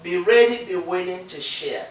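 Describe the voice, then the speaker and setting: A woman's voice: on the low side, lively intonation, moderate pace. Nigerian woman, distant and echoey. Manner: earnest, encouraging, repeats points for emphasis. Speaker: co-host. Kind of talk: casual talk-show chat. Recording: distant, echoey room sound.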